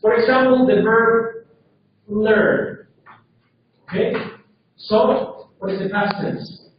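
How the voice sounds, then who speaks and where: High-voiced teacher, echoey room. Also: male voice, steady tone, takes it slowly, slight background noise. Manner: drills pronunciation, checks with frequent "okay?". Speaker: English teacher. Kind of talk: classroom grammar lesson. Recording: echoey room from far off, dull.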